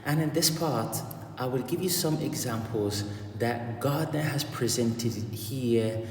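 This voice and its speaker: A man's voice: mid-range voice, slow pace, a little hiss or hum. A man teaching classroom English who acts out the teacher phrases in a raised voice. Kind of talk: lecture on classroom language. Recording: echoey room, far from the mic.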